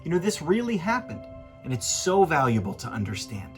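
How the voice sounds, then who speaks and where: A man's voice: a little high, sing-song, a little fast, faint music behind. A man giving a friendly, enthusiastic talk to children as a guest teacher.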